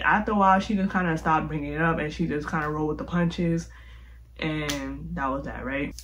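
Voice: medium pitch, a bit bright, rough recording. A young adult vlogger telling a story casually to camera in a chatty, slangy way, filling the talk with "like". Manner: chatty, heavy use of "like", slangy.

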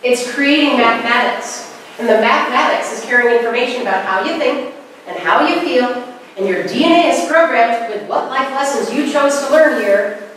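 A woman's voice: on the high side, normal speed, a little hiss or hum. Middle-aged woman presenting in an echoey hall. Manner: animated storytelling, acting out quoted voices. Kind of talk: spiritual talk to a live audience. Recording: very echoey hall, mic at a distance.

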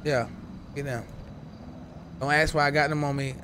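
A man streaming a roleplay game, talking in casual, profane voice chat and coaching his partner with quick restarts. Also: on the high side, fairly even intonation, bright, forceful tone, a little hiss or hum.

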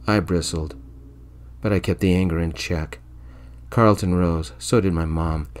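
A man narrating a story in the first person, quietly and evenly, in soft-spoken ASMR storytelling. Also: deep voice, fairly even intonation, moderate pace.

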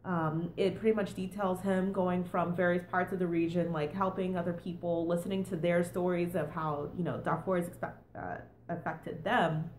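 A woman's voice: on the low side, little pitch movement, normal speed, few pauses, reverberant, a little hiss or hum. A young woman giving a casual book review with a sing-songy tone, chatty and full of fillers. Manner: chatty with many fillers and "and stuff".

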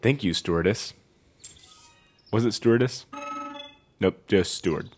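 A deep-voiced man talks through a video game in casual let's-play commentary, chatty and jokey as he wonders aloud about what he sees. Faint music plays underneath. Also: unhurried, darkish tone, breathy edge.

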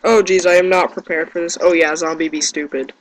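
A man's voice: a little high, fairly even intonation, brisk, poor audio. A man giving gameplay commentary, yelping in panic and groaning at his own mistakes. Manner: panicky yelps and self-deprecating groans. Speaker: let's play gamer.

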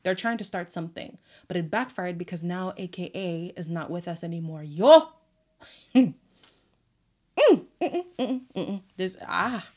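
A woman's voice: on the low side, normal speed. Sassy chatty woman recapping a show. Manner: chatty, sassy, exasperated asides. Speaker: recap vlogger. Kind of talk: casual reality-show recap.

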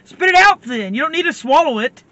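A woman's voice: high voice, expressive, brisk, a bit bright, dry recording. A woman chatting with a friend in a car, nervous and giggly, squealing now and then. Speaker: friend co-host. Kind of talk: casual chat. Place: inside a car.

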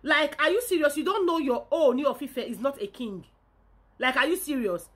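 Indignant high-voiced Nigerian woman. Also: animated, moderate pace, a bit bright. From Edo State, Nigeria. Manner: indignant, scolding, repeats herself. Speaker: vlogger. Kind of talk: reaction video rant.

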